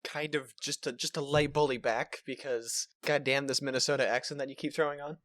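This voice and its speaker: A woman's voice: extremely low pitch, steady tone, a little fast. A young woman from Nova Scotia co-hosting a podcast, teasing her co-host and giggling. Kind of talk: casual banter.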